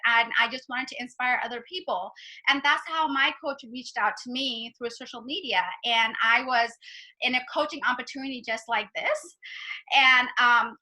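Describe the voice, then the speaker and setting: A woman's voice: sits high, pushed and bright, low-quality recording. A woman in her thirties, a coach, telling her personal story on a group video call in an earnest, emotional way with many fillers.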